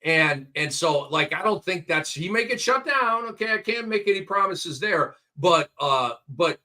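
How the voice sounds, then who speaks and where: A man co-hosting a casual sports podcast, excitedly rattling off stat lines. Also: high voice, measured pace. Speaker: co-host. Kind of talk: casual fantasy basketball podcast chat.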